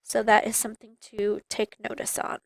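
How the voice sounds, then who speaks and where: A woman teacher slowly and deliberately explaining a class project. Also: medium pitch, monotone, vocal fry, no room sound, rough recording.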